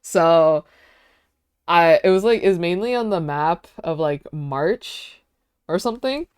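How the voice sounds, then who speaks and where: A young woman streamer talks casually into a close mic. She rambles through stories packed with fillers and giggles. Her voice sits a little low, and the sound is dry and close. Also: animated, unhurried, darkish tone, clean tone, dry recording. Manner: rambling, filler-heavy storytelling with frequent giggles.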